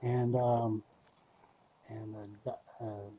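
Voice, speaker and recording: A man's voice: fairly low pitch, little pitch movement, very slow, mellow, lo-fi sound, a little hiss or hum. A man being interviewed, telling a long story casually with many fillers and restarts. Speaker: wrestler guest.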